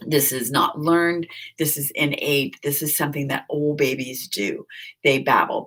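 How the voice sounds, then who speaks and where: Low-voiced woman giving a lecture. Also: unhurried, fairly bright tone. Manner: conversational, asks questions, repeats key points. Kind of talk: recorded lecture.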